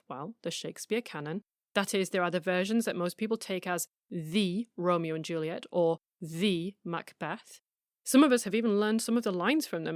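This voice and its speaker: A middle-aged woman narrates her podcast from a script, her voice sitting at an ordinary middle pitch. She sounds measured and argumentative, with a wry edge. The recording is dry, with no room sound. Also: dry recording. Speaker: podcast host.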